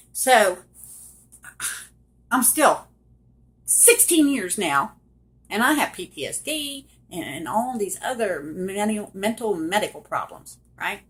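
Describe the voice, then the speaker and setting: A woman's voice: mid-range voice, a bit bright. A middle-aged woman telling a personal story straight to the viewers, emphatic and direct. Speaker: survivor telling her story.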